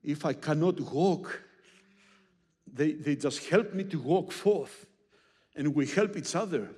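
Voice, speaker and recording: Male preacher, high lively voice, slow delivery, long hall echo. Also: slightly rough. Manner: animated, teasing, with audience demonstrations. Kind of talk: sermon with Greek word study.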